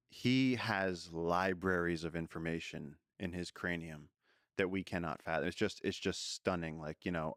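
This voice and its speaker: A man who is a guest in an interview, telling animated jungle stories and acting out the voices of people and animals. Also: deep voice, dry recording, clean studio sound. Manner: animated storyteller who acts out voices in quotes. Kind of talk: storytelling in a casual interview.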